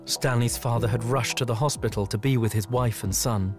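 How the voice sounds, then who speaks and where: A man narrates a documentary in a measured, matter-of-fact tone. His pitch sits in the middle range. Guitar music plays clearly beneath him. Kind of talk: scripted narration.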